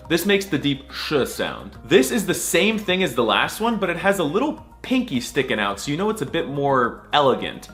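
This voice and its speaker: Sarcastic man, lively pitch. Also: faint music behind. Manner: sarcastic, drawn-out letter sounds. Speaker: comedic language teacher. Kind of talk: mock language lesson.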